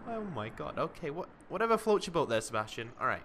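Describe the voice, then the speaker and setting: A man's voice: on the high side, sing-song, moderate pace, long pauses, a bit bright, a little hiss or hum. A young man casually commenting on his life-simulation game, chatting to his character as he plays. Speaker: gaming commentator. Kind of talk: casual let's-play commentary. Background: game music.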